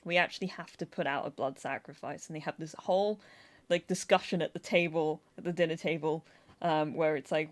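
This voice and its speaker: A woman's voice: deep voice, brisk. A woman guest-hosting a podcast, chatting casually and acting out quotes with laughs. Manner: animated, acts out quotes with laughs.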